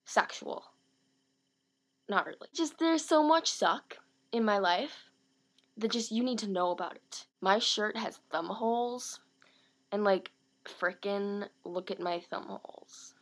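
A teenage girl vlogging in a casual, rambling, self-mocking way, talking in quick bursts. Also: mid-range voice. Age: late teens. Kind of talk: casual vlog monologue.

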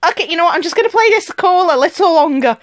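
A young woman reading an interactive story game aloud and chatting through it with animated, giggly asides. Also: extremely high pitch, quick pace. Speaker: let's play reader.

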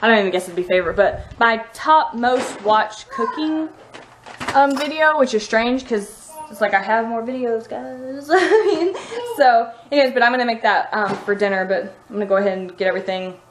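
A woman's voice: a little high, expressive, moderate pace, slight background noise. A woman in her thirties with a Southern US accent, a mom chatting casually and rambling to her camera at home, laughing often. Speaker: mom vlogger. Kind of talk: casual chat. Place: living room at home.

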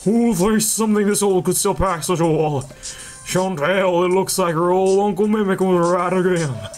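A man voicing a doting old farmer father in a low, drawling put-on voice, for a game playthrough. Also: normal speed, soft background music, close to an everyday voice. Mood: pompous.

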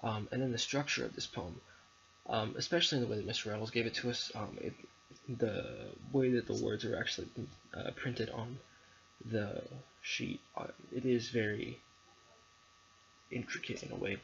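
In a medium-pitched, gravelly, slightly bright voice with a steady tone and normal pace, a young male student presents a spoken poem analysis. It's halting, with many ums and restarts, captured in dull lo-fi sound with faint noise behind it.

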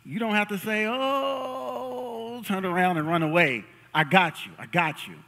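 A young man preaching a sermon in a church, lively and joking as he hypes up the congregation. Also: high-pitched, fairly quick. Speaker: pastor. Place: church sanctuary. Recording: long reverb of a large hall.

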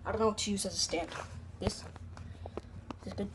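A young woman vlogging at home, chatting excitedly to viewers as she plays. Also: mid-range voice, brisk. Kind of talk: casual vlog chat while playing. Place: bedroom at home. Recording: loud background noise.

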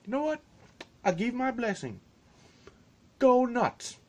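A man mimicking a belligerent hockey dad who eggs the kids on, in a loud, mocking, high-pitched voice. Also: big pitch swings, slow pace, exaggerated voice.

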